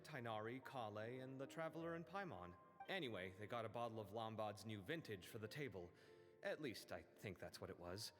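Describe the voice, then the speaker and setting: An actor playing an excitable young male architect who talks in a chatty, animated way in game audio. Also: mid-range voice, lightly acted. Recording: game audio with faint music.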